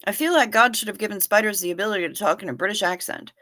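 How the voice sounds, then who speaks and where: Speaking very fast with a sharp tone and medium pitch, a woman runs a casual livestream, reading viewer comments. She's folksy and chatty, greeting people by name and calling them honey, with hummed and sung doo-doo fillers.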